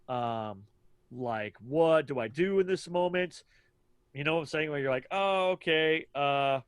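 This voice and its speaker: Man in his 30s, raised pitch, rambling casual storyteller with many fillers, very dry close sound. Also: fairly bright tone, no room sound. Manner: rambling, lots of fillers and acted-out quotes. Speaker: podcast co-host.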